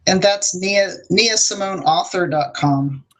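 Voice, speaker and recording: An American woman, a guest author, chatting in a friendly way with many pauses and ums. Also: on the low side, fairly bright tone, low-quality recording. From United States. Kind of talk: casual interview chat.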